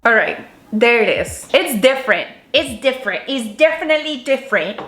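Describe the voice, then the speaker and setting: A woman's voice: on the high side, expressive, moderate pace, bright, forceful tone. A woman vlogger giving a casual hair-styling how-to, chatty, cursing offhand and talking to herself as she goes. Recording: roomy echo with faint music.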